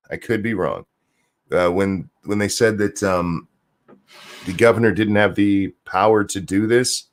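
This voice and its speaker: A man hosting a stream, ranting sarcastically and profanely as he reacts to viewer comments. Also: medium pitch. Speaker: streamer host.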